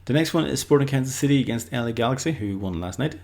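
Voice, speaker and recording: A man's voice: medium pitch, lively intonation, fast, vocal fry, a little mellow. A man giving casual, unscripted football predictions, rambling loosely and leaning on lots of filler words. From Ireland.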